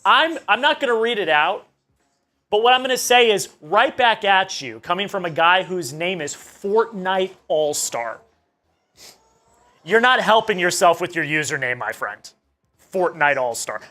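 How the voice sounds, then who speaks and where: A young man co-hosting a sports live stream, joking and teasing the chat in a casual, excitable way. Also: sits high, a little slow.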